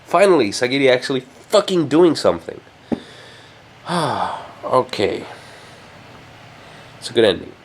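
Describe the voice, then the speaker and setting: A man's voice: mid-range voice, very animated, unhurried, pauses often, slight background noise. A man giving casual, profane reaction commentary while watching an anime episode, often exasperated and sarcastic.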